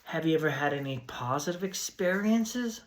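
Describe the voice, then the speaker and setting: A man's voice: a little high, animated, moderate pace, voice pushed up, lightly acted. Man doing a spaced-out hippie TV host. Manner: drawling slang, mellow and dazed. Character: laid-back male 1970s hippie TV host. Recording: roomy echo.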